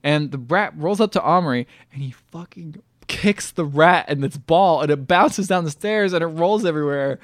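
A young man co-hosting a podcast, casually retelling a movie's plot in a rambling, joking way with quick quoted voices. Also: fairly high pitch, no echo, clean studio sound. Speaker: podcast co-host recapping a movie. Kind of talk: casual comedic chat.

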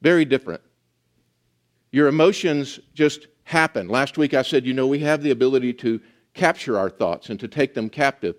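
Delivering a sermon, a male pastor teaches earnestly and emphatically in a mid-range voice. At times he goes soft, and he slows down to put weight on words.

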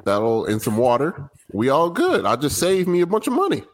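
A man's voice: mid-range voice, huge pitch swings, normal speed. A man producing a podcast, joining the chat in a playful, slangy way. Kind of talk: casual chat.

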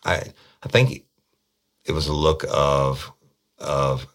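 A man tells a story from his police work, casual and blunt. His voice sits extremely low. He swears freely and stumbles over repeated words as he talks. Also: steady tone, takes it slowly, fairly bright tone. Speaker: police detective.

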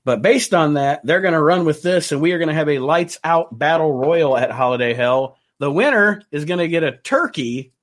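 A man's voice: a little high, lively intonation, moderate pace, few pauses. A man hosting a casual chat show, who laughs often and announces news. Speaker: podcast host.

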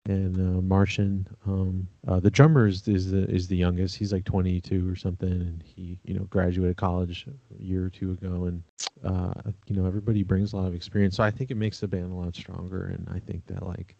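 A man playing bass in a band, chatting in a hesitant way full of ums, with a gravelly voice. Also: little pitch movement, brisk, mellow, no echo. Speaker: bass player. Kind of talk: casual chat. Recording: dry, muffled lo-fi audio.

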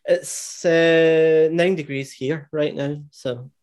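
Woman host, really low voice, easygoing, laughs along. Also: fairly even intonation, slow, a little mellow. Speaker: podcast host. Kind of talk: casual interview chat.

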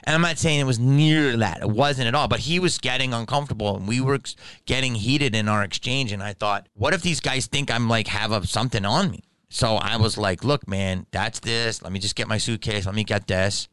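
A man hosting a podcast, telling a story in an animated, profane way and acting out both sides of a quarrel. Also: mid-range voice, fairly quick, smooth, dry recording. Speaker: podcast host. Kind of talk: comedic storytelling.

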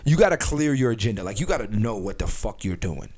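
A man hosting a comedy podcast, talking in a rambling, profane, animated way with lots of restarts. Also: lowish voice, quick pace, husky. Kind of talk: casual comedic podcast chat.

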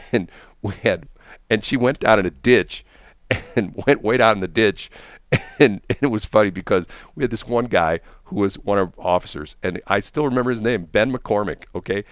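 A man hosts a casual chat, telling stories in a rambling way. He laughs often and restarts his sentences. His voice sits fairly low and sounds dry and close. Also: moderate pace, dry recording. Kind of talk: casual storytelling.

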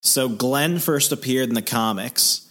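An eager male co-host joins in with quick, offhand remarks. His voice sits in an ordinary middle register. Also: mid-range voice, a bit bright. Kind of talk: casual chat.

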